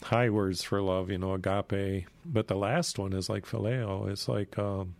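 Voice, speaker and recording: Gravelly-voiced man telling a Bible story. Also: on the low side, steady tone, a little slow. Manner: conversational, frequent "you know" asides.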